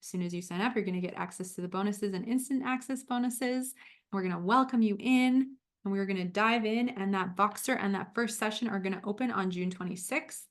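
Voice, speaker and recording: A woman's voice: mid-range voice, brisk. Upbeat woman health coach, encouraging. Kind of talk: livestream sales talk and guided visualization.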